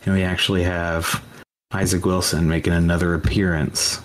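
A man's voice: sits low, level tone, normal speed. A man guesting on a podcast over a voice call, chatting casually and rambling with lots of "like" fillers. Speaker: guest band member. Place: home, remote voice call.

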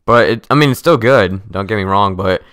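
A young male gamer chats casually with a friend over a headset mic. He sounds laid-back and joking, and his voice is smooth and clear. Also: lowish voice, a little fast, a bit bright. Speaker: channel host, gamer. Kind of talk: casual gaming chat with a friend.

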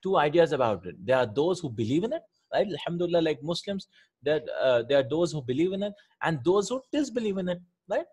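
Husky-voiced man teaching Arabic grammar. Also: on the high side, very animated, fast talker, a little mellow. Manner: explains patiently, often asks "right?", repeats words. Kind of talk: Quranic Arabic grammar lesson.

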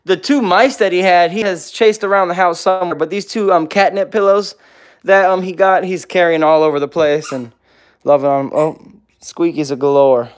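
The man has a high voice with fairly even intonation and speaks at normal speed. Hosting a laid-back pet vlog livestream, he answers his audience's comments individually and coos at his pets in baby talk.

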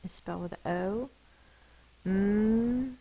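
A woman's voice: on the low side, vocal fry, poor audio. A woman teacher giving a spelling lesson, patiently sounding out words and explaining the rules behind each sound. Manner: slow, careful sounding-out of words.

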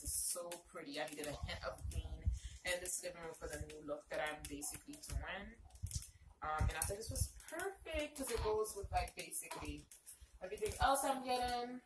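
A woman casually chatting through a shopping haul at home, leaning on fillers and repeating "go ahead" often. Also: lowish voice. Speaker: vlogger. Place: home, indoors. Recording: echoey room, distant mic, noisy background.

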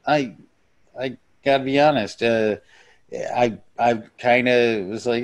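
A man's voice: mid-range voice, normal speed. A man, a stand-up comedian, chatting as a guest on a podcast in a blunt, rambling, profane way. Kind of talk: casual podcast chat.

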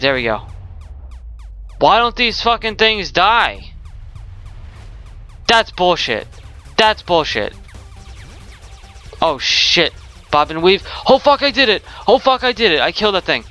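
A man's voice: on the high side, bright, forceful tone, clear, resonant tone. Young man raging and swearing over a game. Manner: swearing constantly, exasperated outbursts. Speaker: gaming YouTuber. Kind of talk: rage gameplay commentary.

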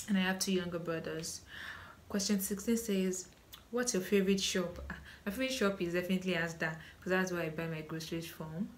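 A woman's voice: fairly low pitch, a little hiss or hum. A young Nigerian woman with a Nigerian accent, chatting casually through a Q&A vlog with many ums and restarts. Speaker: vlogger.

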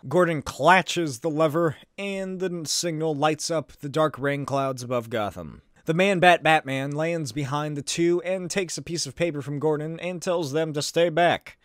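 A man's voice: fairly high pitch, no room sound, studio quality. A man hosting a comedic comic-book recap, narrating with sarcastic asides and swearing. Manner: sarcastic, swearing, laughs at the pictures. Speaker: video host.

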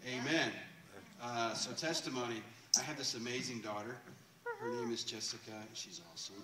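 A man preaching a sermon in a church and telling a story in a loose, chatty way, with fillers and quick laughs. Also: mid-range voice, fairly even intonation, a crowd in the background. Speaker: pastor. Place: church sanctuary. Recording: echoey church room, distant mic.

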